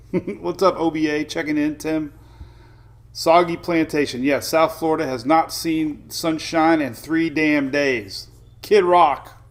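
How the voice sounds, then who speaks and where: Chatty man hosting a weather livestream. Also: on the high side. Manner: chatty, reads viewer names aloud, laughs often. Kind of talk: casual livestream chat.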